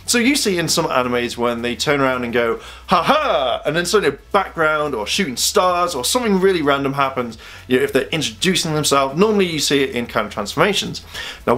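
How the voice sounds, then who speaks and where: A man's voice: mid-range voice, a bit bright. A man giving a casual spoken review of an anime, chatty and rambling, with lots of "you know" fillers.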